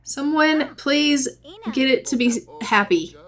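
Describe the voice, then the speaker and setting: A woman's voice: high-pitched, takes it slowly. Chatty woman narrating a life-sim game. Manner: chatty, giggly, narrates characters' thoughts in quoted asides. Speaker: gameplay narrator. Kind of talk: casual let's-play commentary.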